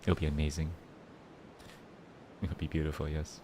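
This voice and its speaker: A man chats casually on his livestream in an extremely low voice with little pitch movement, speaking at normal speed over a noisy background. He rambles with many restarts, giggles often, and thanks donors with playful rawrs.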